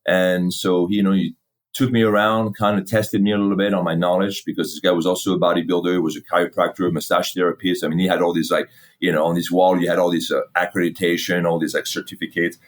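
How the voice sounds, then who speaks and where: Speaking quickly in a low voice, this middle-aged man who founded a fitness company recounts his journey in a relaxed interview. He's lively, curses liberally, and reenacts past exchanges.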